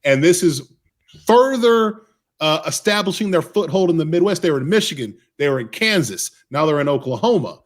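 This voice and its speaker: Man improvising a story with lively pitch. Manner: halting, with many fillers. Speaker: guest author.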